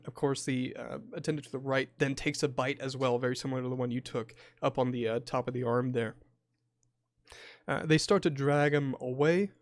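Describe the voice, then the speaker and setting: A man's voice: medium pitch, dry recording, studio quality. A man running a tabletop horror game, narrating scenes in detail with frequent filler words. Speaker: game master.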